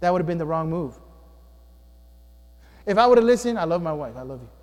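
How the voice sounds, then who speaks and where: A man preaching to his congregation in a church, his voice sitting high for a man. He swings between booming and hushed. The sound rings out with the long echo of the hall. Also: very animated, brisk. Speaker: pastor. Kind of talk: sermon. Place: church sanctuary.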